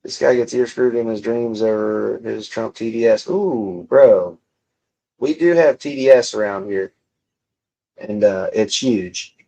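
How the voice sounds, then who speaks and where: A man's voice: fairly low pitch, measured pace, gravelly, dark tone. A young man livestreaming from his home, casually reading chat and bantering with viewers in a profane, mocking way. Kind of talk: casual live-stream chat reading comments. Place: home room.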